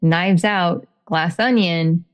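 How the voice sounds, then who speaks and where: A woman's voice: lowish voice, takes it slowly. A woman hosting a casual podcast, chatting in a cheerful, playful way. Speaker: podcast host.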